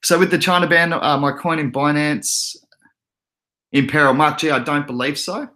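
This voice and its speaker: A young Australian man hosting a casual crypto livestream, relaxed and chatty, laughing often as he reads out the chat. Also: on the high side, normal speed.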